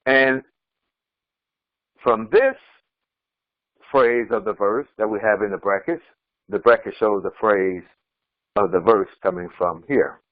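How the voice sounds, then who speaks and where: A man, an imam, giving a slow commentary on scripture and repeating and explaining Arabic terms. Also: fairly low pitch, no room sound, phone-quality sound. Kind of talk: Quran commentary lesson. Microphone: screen-sharing lesson recording.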